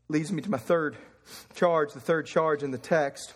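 Fervent high-voiced preacher, echoing hall. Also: male voice, unhurried, breathy edge. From Kentucky. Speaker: pastor. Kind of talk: sermon.

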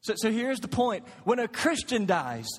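A man in his thirties preaches to his congregation with a high voice. He tells stories, dropping to quiet tones and then climbing to loud, emphatic lines. The sanctuary carries a long, lingering reverb. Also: very animated, moderate pace. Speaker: pastor. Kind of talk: sermon. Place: church sanctuary.

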